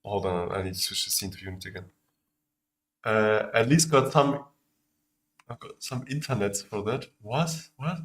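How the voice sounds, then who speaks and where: A man's voice: on the low side, normal speed, long pauses. A man from Austria with an Austrian German accent whose first language is German. He chats casually on a livestream while building a game, talking in a distracted way as he works. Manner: distracted, talks while working. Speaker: streamer making a game.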